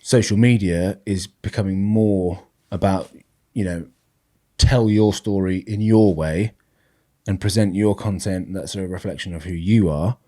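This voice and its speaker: A British man co-hosting a podcast, talking in a relaxed, reflective way and giving measured advice. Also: low voice. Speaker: podcast co-host. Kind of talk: casual chat.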